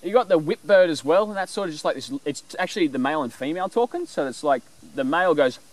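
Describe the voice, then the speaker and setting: A man's voice: on the high side, lively intonation, fast, a little hiss or hum. A man explaining animal calls in a loose, rambling way, breaking now and then into bird imitations. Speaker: presenter teaching animal call mimicry. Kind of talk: casual explanatory talk.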